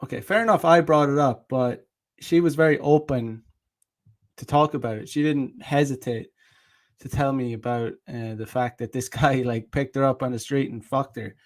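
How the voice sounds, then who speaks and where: A man's voice: mid-range voice, normal speed. A man hosting his own channel, telling a dating story in a rambling, casual monologue with frequent restarts, swearing and short laughs. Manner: reads out viewer comments. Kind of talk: casual monologue with reenacted dialogue.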